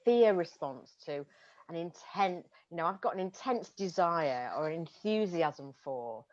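A woman's voice: fairly low pitch, animated, measured pace. A woman, an executive coach and host, chatting enthusiastically over a video call and laughing often. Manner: enthusiastic, laughs often, restarts mid-phrase. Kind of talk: casual conversation. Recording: muffled lo-fi audio.

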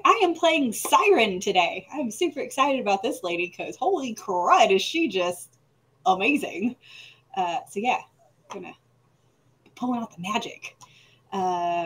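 A woman's voice: fairly high pitch, sing-song, a little slow, fairly bright tone, breathy edge. A woman introducing herself as a player on a game stream, bubbly and rambling. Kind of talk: casual chat.

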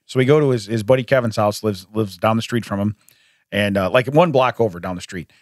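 This man's voice sits on the low side and moves fairly quickly, captured cleanly on a studio microphone with no room sound. He co-hosts a podcast, telling a story in relaxed chat, laughing often and voicing the people in it.

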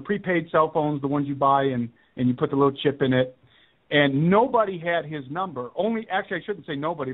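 A man appearing as a radio show guest, telling a personal story in an earnest, emphatic way and repeating his key points. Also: on the high side. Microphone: telephone. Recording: tinny phone line on radio.

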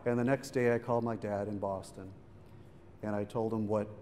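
Middle-aged man, public talk, mellow low voice, conversational storytelling, reverberant hall, faint background noise. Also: fairly even intonation, moderate pace. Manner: conversational, acts out quoted voices. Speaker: speaker. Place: museum event hall.

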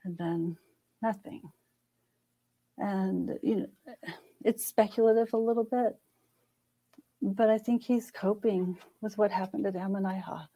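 A woman's voice: mid-range voice, fairly even intonation, measured pace, long pauses, warm tone, rough recording. A middle-aged woman scholar, a guest in a conversational interview, speaking thoughtfully and earnestly. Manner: thoughtful, earnest, frequent restarts.

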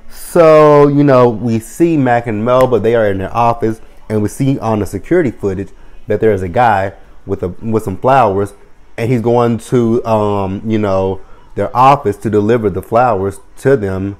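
Animated, profane man recapping a show. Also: fairly low pitch, normal speed. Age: 30s. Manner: animated, swears freely, acts out characters' lines. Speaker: TV episode reviewer. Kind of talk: casual profane episode recap.

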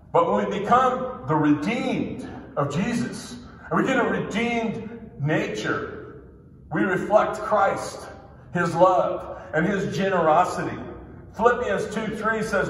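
A man's voice: sits high, expressive, takes it slowly, fairly bright tone. A male pastor giving an emphatic sermon, drawing out key phrases and repeating refrains. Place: church sanctuary. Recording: echoey hall, voice from far off.

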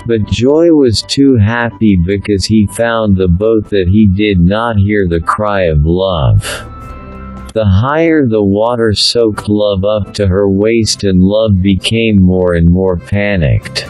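A man narrating a fable in a slow, deliberate storybook reading. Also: lowish voice, a little mellow, low-quality recording. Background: faint instrumental music.

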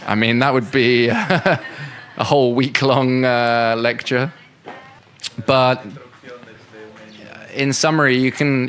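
A man's voice: medium pitch, fairly bright tone. Male speaker, unscripted, conversational, fillers and restarts, mid-range voice. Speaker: speaker at a political education session. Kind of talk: unscripted talk answering questions.

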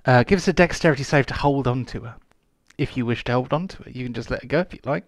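A man narrating as game master of a tabletop game, hesitant with many pauses and ums. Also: mid-range voice, dry recording, studio quality.

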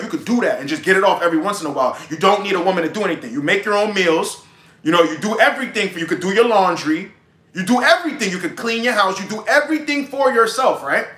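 Brash, bright-voiced young man preaching. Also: high-pitched, echoey room. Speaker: dating advice streamer. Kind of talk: casual livestream monologue.

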